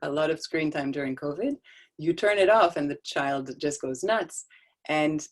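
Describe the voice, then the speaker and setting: A woman's voice: low-pitched, moderate pace. A middle-aged woman giving a casual talk on child development over a video call, telling stories with frequent laughs and restarts. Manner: conversational storytelling, laughs often, restarts. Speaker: guest speaker on child development. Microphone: video call microphone.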